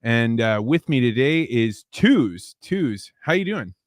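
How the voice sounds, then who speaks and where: A man's voice: medium pitch, big pitch swings, takes it slowly, no room sound, studio quality. A man from the Midwestern United States sitting in as guest host, chatting in a playful, upbeat way. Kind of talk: casual podcast chat.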